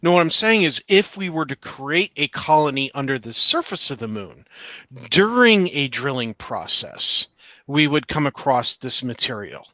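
A man's voice: medium pitch, very animated, moderate pace, pushed and bright, dry recording, muffled recording. A man co-hosting a live-streamed space talk, blunt and casual with mild swearing.

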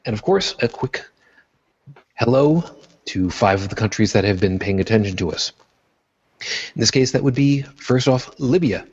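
A man's voice: medium pitch, lively intonation, moderate pace, pauses often, breathy edge. A man hosting a podcast in casual chat, joking and self-deprecating as he rambles. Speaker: podcast host. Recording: dull lo-fi podcast audio.

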